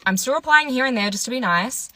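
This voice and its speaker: A woman's voice: sits high, expressive, fast talker, sharp tone, no room sound. A young woman telling a dating storytime in a chatty, exasperated way, acting out both sides of the conversation. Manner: chatty, exasperated retelling with quoted dialogue. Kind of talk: casual storytime.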